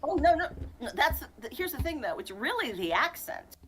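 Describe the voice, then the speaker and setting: A woman co-hosting a casual livestream chat, animated and laughing often between quick asides. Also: high voice. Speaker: co-host.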